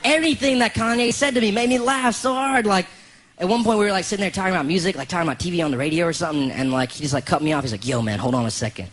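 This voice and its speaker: A male stand-up comedian telling a story with animated, laughing delivery, in a noisy live recording. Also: sits high, very fast. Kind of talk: stand-up set.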